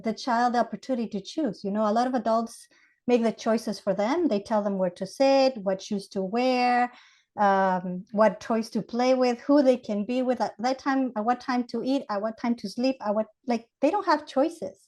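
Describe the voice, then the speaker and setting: A Montessori educator from Ecuador, speaking with an Ecuadorian Spanish accent in a voice on the high side, explains ideas in a podcast interview. She illustrates her points with animated, acted-out examples.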